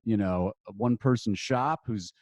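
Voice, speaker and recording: This is a man with a lowish voice, talking through legal basics as a podcast guest. He is casual and meandering, with plenty of fillers and self-corrections, and the sound is dry and close with no room around it. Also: normal speed, darkish tone, dry recording. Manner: loose and conversational, many fillers and restarts. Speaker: podcast guest, attorney and marketer.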